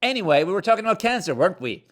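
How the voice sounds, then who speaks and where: A man's voice: high voice, very animated, racing, fairly bright tone. A man co-hosting a podcast in casual chat, throwing in dry quips and teasing. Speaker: podcast co-host.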